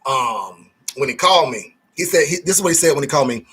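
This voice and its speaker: A man's voice: mid-range voice, expressive, fast, few pauses, a bit bright, husky. A man hosting a casual live stream, reading chat comments aloud and joking with a laugh.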